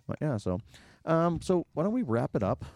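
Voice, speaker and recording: A man's voice: on the high side, very animated, normal speed, a little mellow, no room sound. A man from the Boston area with a Boston accent, hosting a podcast in casual chat, joking and rambling, often breaking off mid-sentence. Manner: joking, rambling, self-interrupting. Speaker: podcast host.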